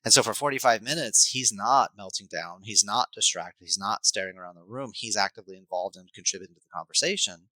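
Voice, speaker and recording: A man, a life coach and hypnotherapist, explaining his ideas in an animated, coaching way as a podcast guest. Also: on the low side, no echo, poor audio. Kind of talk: podcast conversation.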